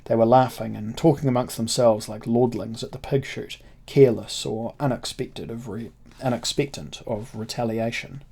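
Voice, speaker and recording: A man narrating a first-person adventure novel in a measured, deliberate reading. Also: medium pitch, steady tone, creaky, warm tone, breathy edge.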